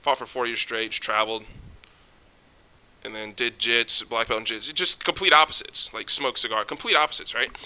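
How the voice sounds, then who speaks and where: A man's voice: mid-range voice, moderate pace, sharp tone. A young man ranting casually to camera, jittery and stumbling over his words, swearing often. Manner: swears often, rambling restarts. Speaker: vlogger.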